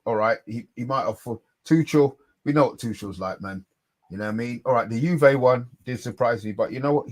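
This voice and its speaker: A man co-hosting a live fan stream, excitable and slangy, often repeating himself. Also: mid-range voice. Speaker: podcast co-host.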